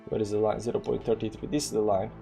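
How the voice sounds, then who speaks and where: Talking very fast in a level, fairly low voice that is creaky yet warm, a man from the former Yugoslavia with a Balkan accent rambles through casual live crypto trading commentary. He fills it with fillers and recited numbers while faint music plays behind.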